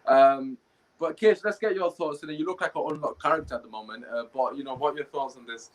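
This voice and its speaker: A man's voice: on the high side, quick pace, poor audio. A man hosting a football podcast, talking in a blunt, emphatic and exasperated way. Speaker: podcast host. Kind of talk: casual chat, football debate.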